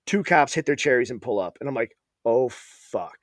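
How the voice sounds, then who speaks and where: A man's voice: medium pitch, expressive, fast, dry recording, studio quality. A man hosting a podcast, telling a rambling, profane story in casual chat. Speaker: podcast host.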